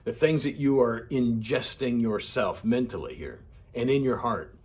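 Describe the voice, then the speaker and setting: A man's voice: mid-range voice, expressive, measured pace, darkish tone. Older man giving earnest advice. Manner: earnest, repeats himself, quotes others in changed voices. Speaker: youth mentor. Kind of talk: advice talk to teens.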